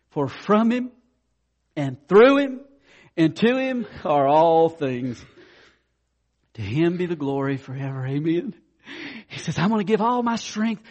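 A man preaching a sermon as a pastor, fervent and excitable, swinging between loud peaks and hushed lows, calling his listeners "guys" and "man".

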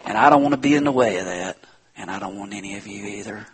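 A pastor preaching a sermon, a man who swings from loud, impassioned appeals to hushed tones. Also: on the low side, fast, slightly rough.

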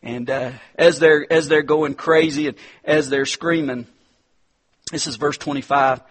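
Husky-voiced man giving a chatty sermon. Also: on the high side, a little slow. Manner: relaxed, chatty, addresses listeners as guys. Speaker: preacher. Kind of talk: conversational sermon.

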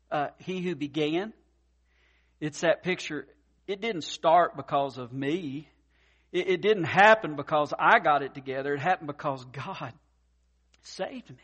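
A man preaching a sermon as pastor, folksy and expressive, with many fillers, swinging from soft to loud and acting out worried voices. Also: a little high. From mountain region.

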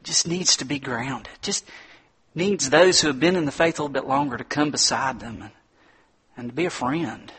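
A middle-aged man preaches a sermon in a medium-pitched, slightly rough voice at normal speed. His storytelling is folksy and animated, and he mimics the voices of the people in his stories.

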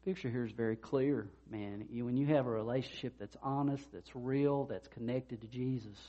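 A pastor preaches conversationally in a medium-pitched voice at a moderate pace, animatedly acting out the people in his stories. The recording has its highs cut off.

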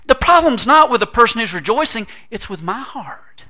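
A middle-aged pastor preaches a sermon in a bright, forceful voice that sits a little high for a man, talking fairly quickly with hardly any pauses. His animated delivery swings between big, emphatic declarations and soft, quiet asides, woven through with humor and acted-out voices.

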